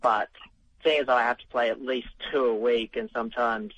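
A man with an Australian accent, calling in to a sports radio show in a relaxed, friendly way. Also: medium pitch, normal speed, slightly rough. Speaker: caller. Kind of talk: phone-in call. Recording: muffled dry phone line.

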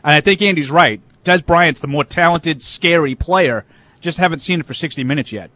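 A man's voice: fairly high pitch, moderate pace, sharp tone, no room sound. A man co-hosting a casual sports talk show, opinionated and argumentative, with lots of fillers. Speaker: sports radio co-host.

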